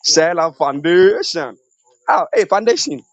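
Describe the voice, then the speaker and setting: A man's voice: a little high, wildly swooping pitch, unhurried, no echo. A man on a live online show, greeting viewers one by one by name and laughing often, talking over a phone line with a weak network. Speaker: show correspondent.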